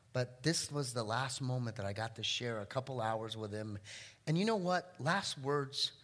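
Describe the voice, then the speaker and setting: A man's voice: medium pitch, big-room sound. A middle-aged man preaching a sermon as pastor, telling a personal story to his congregation. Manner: storytelling, animated then quiet and tender. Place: church sanctuary.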